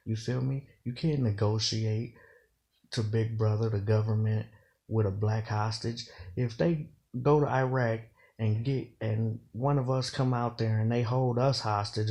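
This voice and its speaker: A man's voice: mid-range voice, creaky, a little mellow. A man giving casual commentary on battle rap, explaining slang and double meanings and often saying "you know". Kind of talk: casual bar breakdown commentary.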